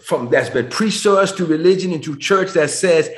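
A man preaching a sermon as pastor over a video call, emotional, swinging between shouted questions and low, quiet lines. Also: normal speed, reverberant.

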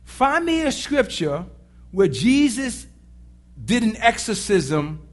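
A man preaching a sermon in an animated, dramatic way, with sudden shouts and voices acted out. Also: high voice, takes it slowly.

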